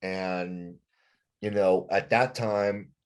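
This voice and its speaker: A rock frontman with a lowish voice recounts a band blowup in a podcast chat. He swears constantly and slips into the voices of the people he quotes. His delivery stays animated and unfiltered. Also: drawn-out words, clear, resonant tone. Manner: profane, animated storytelling, acts out quotes. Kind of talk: casual podcast storytelling.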